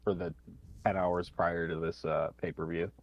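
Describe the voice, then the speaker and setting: A man's voice: low-pitched, little pitch movement, moderate pace, no echo, lo-fi sound. A man co-hosting a casual podcast, blunt and casual, with lots of "like" and "dude". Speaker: podcast co-host. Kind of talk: casual chat.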